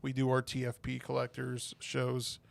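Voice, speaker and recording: A man's voice: medium pitch, monotone, normal speed, creaky. A man co-hosting a podcast in casual banter, blurting out crude jokes and gags. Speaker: podcast co-host.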